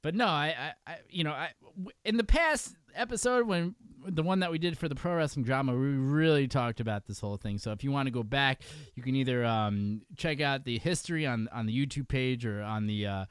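A man's voice: mid-range voice, a little fast, few pauses, clean tone, no room sound. A man hosting a casual podcast chat, loose and profane, laughing often and restarting his sentences. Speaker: podcast host.

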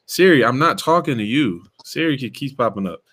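Young guy host telling a story, slangy and animated, middle pitch. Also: a little fast. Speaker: podcast host, former player. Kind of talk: casual storytelling chat.

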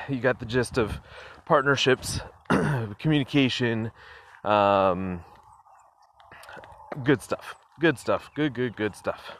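This is a casual solo podcast monologue: a man rambles on tangents, laughs a lot, and fills his speech with fillers while recording on his phone. His voice sits in the mid-range with a fairly bright tone, and a little hiss or hum can be heard.

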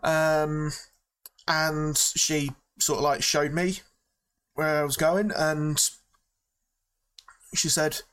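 A man's voice: fairly high pitch, drawn-out words, pauses often, clean tone. A young man co-hosting a casual podcast, reacting drily and telling a story at an easy, hesitant pace. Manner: relaxed, hesitant with fillers, dry reactions. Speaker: podcast co-host.

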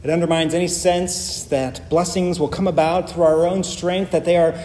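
A man's voice: fairly high pitch, steady tone, normal speed, dark tone. A male pastor preaching a sermon, emphatic and building his points through repeated phrases. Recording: long reverb of a large hall.

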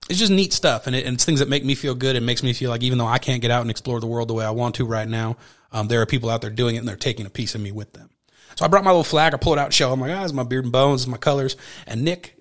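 A man hosting a podcast, telling a personal story in a casual, animated way, with occasional swearing and acted-out dialogue. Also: medium pitch. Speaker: podcast host.

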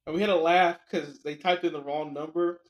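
A man's voice: fairly high pitch, fairly even intonation, brisk, rough recording. A young man co-hosting a podcast, telling a rambling story in casual chat with lots of filler words. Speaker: podcast co-host.

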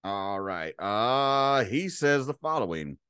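A man's voice: lowish voice, very animated, slow pace, sharp tone, clean tone, dry recording, clean studio sound. A man hosting a podcast alone, ranting in a profane, heated and rambling way. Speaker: podcast host. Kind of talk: casual ranting monologue.

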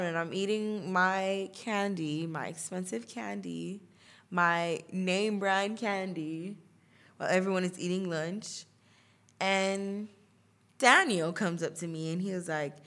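A young woman with a fairly low, slightly bright voice recounts something from her own life on her podcast. The telling is casual and chatty, punctuated by laughter and many fillers.

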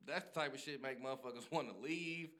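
A man in casual, profane sports chat who laughs often and gets animated. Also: mid-range voice, fast.

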